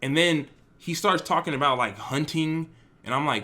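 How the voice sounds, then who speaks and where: A man's voice: fairly high pitch, normal speed, sharp tone. A young man telling a storytime vlog in a casual, slangy, profane way, with lots of animation. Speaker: vlogger.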